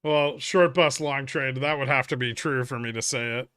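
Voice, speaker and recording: A man's voice: medium pitch, fairly even intonation, moderate pace, a bit bright, clear, resonant tone, dry recording. A man hosting a casual live trading stream, answering chat with dry, wry banter. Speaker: livestream trading host.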